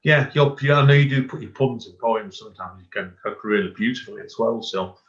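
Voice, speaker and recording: Speaking a little fast in a mid-range voice, a male host keeps a casual interview going with chatty encouragement and rambling questions. The audio is dull and lo-fi.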